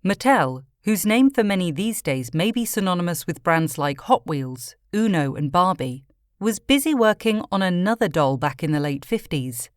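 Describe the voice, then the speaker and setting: Female documentary narrator, measured and informative, lower pitch, dead-dry recording. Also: expressive, dry recording. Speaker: podcast narrator.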